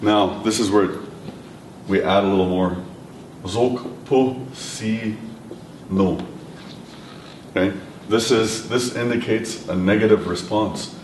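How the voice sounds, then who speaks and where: A man teaching a language lesson, patiently repeating words slowly for his learners. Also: fairly even intonation. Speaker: language instructor. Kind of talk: classroom lesson. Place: classroom or lecture room. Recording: echoey room, mic at a distance, faint rumble.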